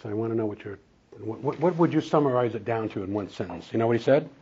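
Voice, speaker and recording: A man's voice: medium pitch, fast talker, lo-fi sound, crowd noise. A man preaching a sermon in a conversational, storytelling way, chuckling now and then. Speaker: pastor and counselor.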